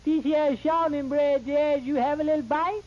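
A man's voice: extremely high pitch, fairly even intonation, normal speed. A man playing a meek, hungry defendant in a 1930s radio comedy, speaking in an ingratiating drawl. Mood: pleading. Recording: muffled old radio recording.

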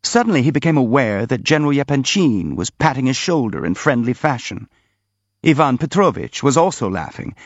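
Expressive male audiobook narrator. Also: medium pitch, no echo. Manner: expressive, measured reading. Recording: slightly dull dry recording.

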